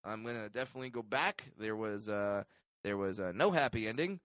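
A man's voice: lowish voice, brisk, a bit bright, dry recording. A man co-hosting a casual comedy podcast, rambling and laughing as he tells stories. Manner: rambling, laughing, heavy use of fillers like "like". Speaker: podcast co-host.

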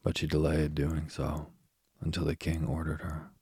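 A man reading a fairy tale aloud at a slow, even pace. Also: rumbling low, husky, no room sound. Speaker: narrator. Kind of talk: storybook reading.

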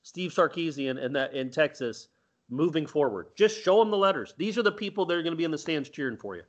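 A man's voice: on the high side, expressive, fast talker. A man co-hosting a casual sports talk show, making wry, offhand remarks. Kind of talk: casual sports radio chat. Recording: slightly dull sound.

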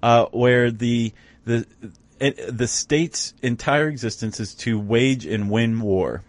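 A man's voice: medium pitch, slow pace, no echo. Dry-sounding chatty male podcast co-host. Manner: chatty and wry, with many fillers and restarts. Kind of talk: casual conversational podcast.

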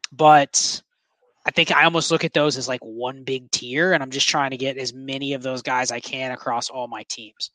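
Man, podcast co-host. Bright tone, dry mic, measured and explanatory. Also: medium pitch, dry recording. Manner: measured, explains his reasoning. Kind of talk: casual fantasy football chat.

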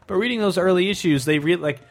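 A man's voice: sits high, fast talker. Rambling man on a comics podcast. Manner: rambling, animated, full of fillers and restarts. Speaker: podcast co-host. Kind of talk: casual chat.

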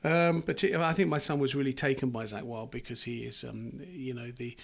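Husky, gravelly man telling stories. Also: medium pitch, level tone, a little fast. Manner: rambling anecdotes with frequent restarts and laughter. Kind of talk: casual chat.

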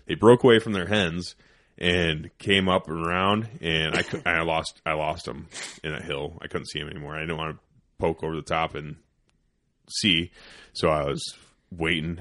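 A man with a very low, deep voice tells a story on a casual podcast. He is animated and swears a lot, and he drops to a hushed whisper when he quotes himself. The sound is close and dry, with no room around it. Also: moderate pace, no room sound. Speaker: podcast host.

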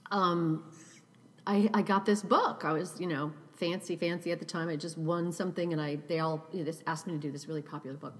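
A woman guest in a casual podcast chat, animated, scattered and self-deprecating. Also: on the low side, a little fast, long reverb tail. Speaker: guest actress.

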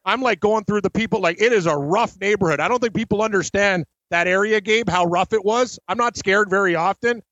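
A man co-hosting a sports betting show, chatting casually and chiming in with quick agreement. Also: sits high, a bit bright, no echo, dull audio. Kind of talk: casual chat.

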